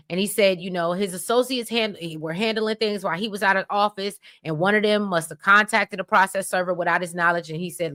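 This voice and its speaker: Woman, vlogger, casual recap, sassy, animated, bright tone. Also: medium pitch, fairly quick.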